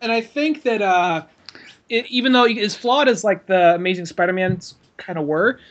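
A man's voice: high-pitched, normal speed, muffled recording. A man co-hosting a podcast who rambles in casual chat, full of 'kinda' and 'like'. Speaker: podcast co-host.

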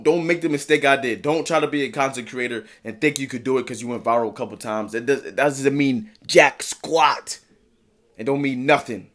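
A young man in his twenties, a content creator, ranting in a distraught vlog that swings from low muttering to loud shouting. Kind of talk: emotional vlog rant.

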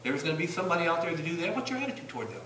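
A man preaches a sermon in a church, throwing out question after question. His voice is bright and somewhat high, swinging widely between loud bursts and low, quiet asides. He sounds far from the microphone in a roomy, echoing sanctuary with faint hiss. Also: very animated, rapid-fire. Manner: rising to loud bursts then dropping low, rhetorical questions. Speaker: pastor. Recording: echoey church room from a distance.

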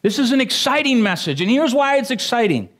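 A male pastor preaches in a high, lively voice that leaps up and down. He trades jokes with the congregation and then climbs to fervent, excited declarations. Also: a little fast. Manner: animated, rising to exclamations; jokey asides to the congregation. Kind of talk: sermon.

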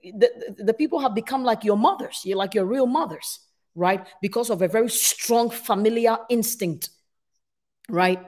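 A middle-aged woman pastor preaching a sermon to her congregation, telling stories and acting out her own past complaints with lively animation. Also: a little high, normal speed. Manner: speaks to a congregation, asks for responses.

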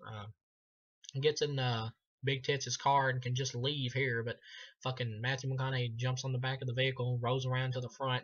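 Man, movie reviewer, sarcastic, profane, chuckling, bright edgy voice, slightly muffled lo-fi sound. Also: medium pitch. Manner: sarcastic, profane, laughs often. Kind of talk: casual profane film review.

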